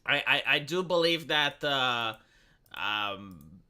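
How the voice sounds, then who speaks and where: A young man with a Romanian accent and a squeaky voice, rambling through casual live-stream commentary with many restarts and reading chat aloud. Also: lively intonation, takes it slowly, pushed and bright, clear, resonant tone.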